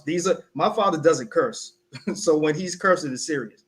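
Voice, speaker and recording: Animated, higher-pitched young man storytelling. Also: normal speed. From South Carolina. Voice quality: animated, acts out quoted voices. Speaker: podcast co-host. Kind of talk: casual storytelling chat.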